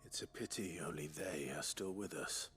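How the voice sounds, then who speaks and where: Earnest young noble swordsman, lowish measured voice, game music underneath. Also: a bit bright. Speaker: game character. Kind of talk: video game voice acting.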